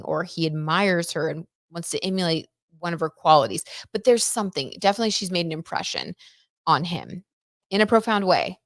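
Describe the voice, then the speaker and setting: A woman's voice: fairly low pitch, no room sound, clean studio sound. A young woman hosting a casual live tarot reading, chatty and gushing, with lots of "like" and "oh my gosh". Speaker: tarot reader and live stream host.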